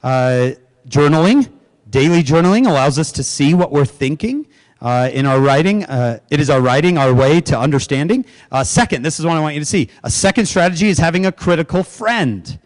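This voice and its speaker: A man's voice: a little high, lively intonation, poor audio. Jokey man giving a keynote. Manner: jokey, quizzes the audience with quick questions. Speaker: keynote speaker. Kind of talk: humorous keynote speech to educators.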